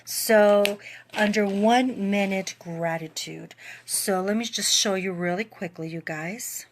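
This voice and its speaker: Tearful, slow-talking woman on a livestream. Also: medium pitch, slight background noise. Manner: emotional, tearful, laughing. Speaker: fitness coach giving a live testimonial. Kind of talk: live video chat to viewers.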